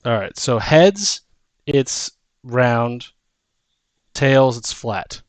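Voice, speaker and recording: A man's voice: mid-range voice, expressive, very slow, no room sound. A man running a tabletop game as game master, narrating with frequent ums and restarts.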